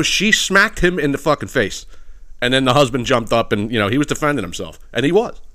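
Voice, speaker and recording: Guy ranting on a podcast, swears a ton, keeps saying you know what i mean, mid-pitched voice. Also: a little fast. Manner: profane, animated, laughs at his own stories; repeats filler phrases. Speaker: podcast host. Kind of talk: casual ranting storytelling.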